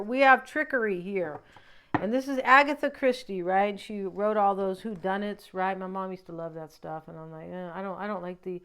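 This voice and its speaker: A woman's voice: mid-range voice, smooth. A woman giving a casual tarot card reading. She talks in a rambling, chatty way, drifting into asides and often tagging her thoughts with a questioning "right?". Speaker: tarot reader.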